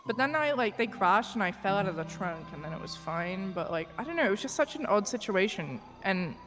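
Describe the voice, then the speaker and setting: Rambling woman with a lively voice. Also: medium pitch, faint music behind. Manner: rambling storytelling full of "like" and quick laughs. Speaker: roleplay player. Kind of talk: in-character roleplay chat.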